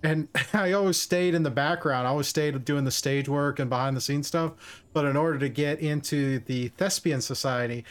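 A man hosting a livestream, chatting casually in a soft-spoken, self-effacing way. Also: fairly high pitch, normal speed. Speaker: streamer host. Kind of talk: casual chat. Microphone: streaming setup.

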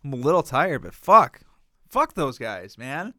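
A man's voice: mid-range voice, unhurried, dry recording, studio quality. A young man co-hosting a podcast, ranting and swearing through casual banter. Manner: profane, ranting, animated. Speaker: podcast co-host.

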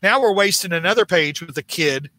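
A man with a bright, fairly high voice rambles through a comic recap, often exasperated and piling up restarts. The sound is dry and close to the mic. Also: lively intonation, fairly quick, no room sound. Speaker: podcast host recapping a comic. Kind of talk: casual chat.

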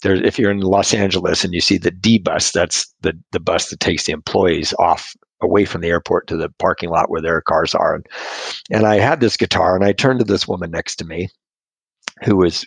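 A man's voice: deep voice, steady tone, moderate pace, vocal fry, husky, dry recording. A middle-aged man telling a personal story in conversation, meandering and self-deprecating with frequent restarts.

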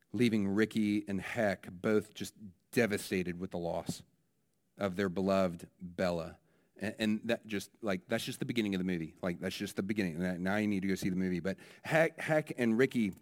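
Man preaching in a conversational way. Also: fairly low pitch. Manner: conversational, with frequent restarts and "like". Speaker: pastor. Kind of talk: sermon.

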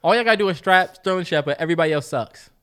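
A man co-hosting a casual sports podcast, blunt and swearing in animated banter. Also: on the high side, rapid-fire, very noisy. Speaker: podcast co-host.

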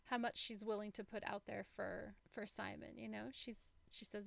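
A woman's voice: medium pitch, fairly even intonation, fairly quick, creaky, hardly any pauses, no room sound. A woman in her thirties co-hosting a casual book discussion podcast, talking in an earnest, reflective way. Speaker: podcast co-host.

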